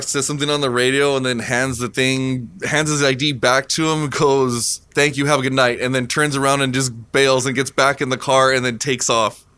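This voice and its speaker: A man's voice: medium pitch, pushed and bright, clear, resonant tone, dry recording. A man co-hosting a casual podcast, telling a story with lots of swearing and laughter. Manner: profane, laughing anecdote-teller. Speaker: podcast co-host.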